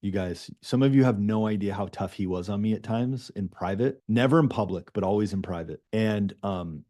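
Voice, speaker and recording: A man, a business coach, giving an animated coaching talk to a group, stressing and repeating his key points. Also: on the low side, moderate pace.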